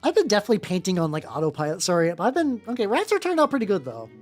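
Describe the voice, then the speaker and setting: Speaking at a racing clip with a medium-pitched, very animated voice, a woman VTuber rambles while painting miniatures on stream. She interrupts herself often, leans on fillers, and calls her voice nerdy, with faint music behind her.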